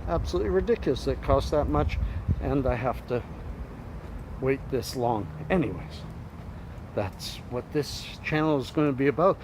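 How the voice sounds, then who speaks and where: A man's voice: medium pitch, animated, moderate pace. A middle-aged man vlogging casually on a walk outdoors, rambling in a laid-back, self-deprecating way, filmed on a phone camera. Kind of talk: casual vlog monologue while walking. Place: outdoors walking toward a river. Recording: outdoor phone recording with traffic noise.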